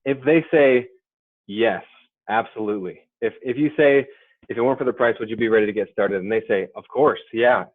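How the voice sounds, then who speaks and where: Speaking briskly in a voice on the low side, a man runs a sales training webinar in a chatty way, frequently asking "right?" or "okay?". There's no room sound; the dry, phone-like audio comes through a computer or headset mic.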